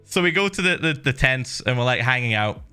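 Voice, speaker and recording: A man hosting a livestream, telling a story in casual chat, animated and laughing, with swearing and many fillers. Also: medium pitch, a little fast, clear, resonant tone, faint music behind. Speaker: livestream host.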